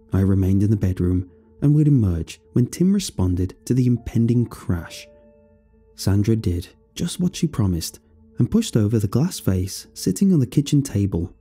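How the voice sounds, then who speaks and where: Guy reading a horror story, husky low voice, faint music under it. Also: warm tone. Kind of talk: scripted horror narration.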